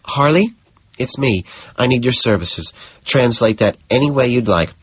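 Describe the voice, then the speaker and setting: A man's voice: mid-range voice, expressive, normal speed, a little hiss or hum, pitched above the performer's own voice, natural voice. A man voicing a bored, catty young socialite woman who drawls gossip and sarcasm in an audiobook. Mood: exasperated. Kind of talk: audiobook character voice. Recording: dull, dry lo-fi audio.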